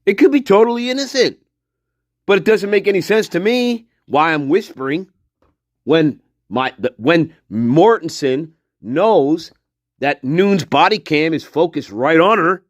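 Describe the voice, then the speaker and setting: A man's voice: on the high side, expressive, a little slow, no echo, studio quality. A man hosting a casual true-crime commentary video, blunt and mocking, swearing freely and chuckling between remarks.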